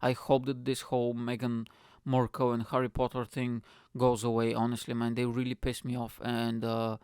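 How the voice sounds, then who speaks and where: A man hosting his own podcast in a loud, energetic comedic rant, swearing freely and rambling from thought to thought. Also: mid-range voice, moderate pace, clear, resonant tone, no echo, studio quality. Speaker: podcast host. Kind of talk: ranting comedic monologue.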